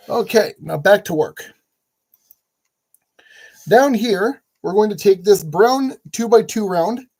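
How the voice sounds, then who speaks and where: A man's voice: high voice, warm tone. A man hosting a casual build tutorial, chatty and jokey, talking to himself as he works. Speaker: channel host giving building instructions.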